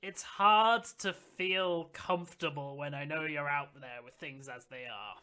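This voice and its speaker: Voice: mid-range voice, unhurried, sharp tone, clear, resonant tone. A game master doing a weary, caring father. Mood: concerned. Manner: weary, sighing. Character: tired wounded father, gruff and caring.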